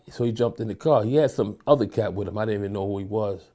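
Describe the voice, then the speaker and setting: A man's voice: on the low side, fairly even intonation, fast. Casual man telling a personal story. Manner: casual storyteller, acts out quotes loudly. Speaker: interviewee.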